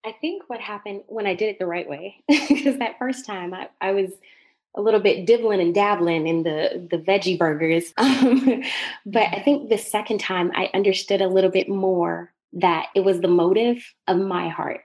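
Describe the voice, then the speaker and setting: A woman's voice: medium pitch, moderate pace, a little mellow. A young woman from Jamaica with a Jamaican accent and a slight Southern drawl, sharing her faith testimony as a podcast guest and laughing often between phrases. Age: young adult.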